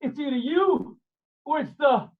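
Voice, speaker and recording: A man's voice: very high voice, measured pace, recorded from a distance, phone-quality sound, voice pushed up. A man doing a taunting, menacing sailor.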